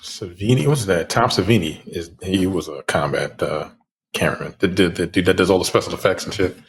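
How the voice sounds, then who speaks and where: A man co-hosting a film podcast, chatting in an animated, profane way and laughing between lines. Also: low voice, a little fast. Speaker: podcast co-host. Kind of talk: casual chat.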